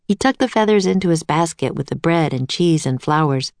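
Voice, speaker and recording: A woman narrating a children's chapter book in clear, even storytelling. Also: deep voice, brisk, no echo.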